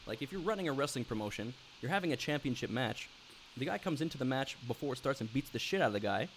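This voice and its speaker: A man co-hosting a wrestling podcast in casual chat, excitable and swearing casually. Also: mid-range voice, fast talker, a little hiss or hum, low-quality recording. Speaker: podcast co-host.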